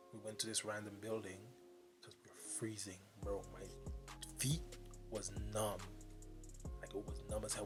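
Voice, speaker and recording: A young man telling an animated, slang-heavy story time. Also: fairly low pitch. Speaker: vlogger.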